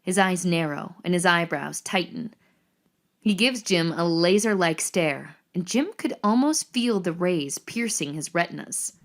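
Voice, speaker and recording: A woman narrating the action lines of a screenplay reading in a measured, descriptive way. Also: on the low side, animated.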